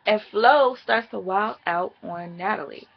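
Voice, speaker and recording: A woman's voice: mid-range voice, slow, vocal fry, husky, dull audio. A woman chatting casually and profanely as she recaps a reality show for her viewers.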